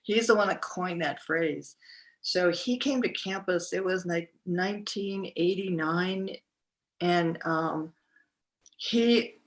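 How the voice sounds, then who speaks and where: A middle-aged woman recounting a personal story as a podcast guest, speaking haltingly with many fillers and restarts. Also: on the low side.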